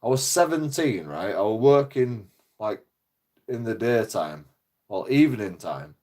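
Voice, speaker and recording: A man's voice: on the low side, big pitch swings, a little slow, a little mellow. A man, ranting casually in a rambling, foul-mouthed way. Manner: rambling, heavy swearing. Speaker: vlogger. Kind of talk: casual rant.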